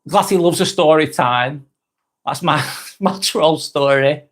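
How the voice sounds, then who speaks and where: A man with a Lancashire accent hosts a live stream, chatting loosely and circling back over his own words. His voice sits a little high for a man and carries a slight soreness in the throat. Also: slow, fairly bright tone. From England. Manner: rambling, repeats himself, chatty asides. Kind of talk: casual chat reading live comments.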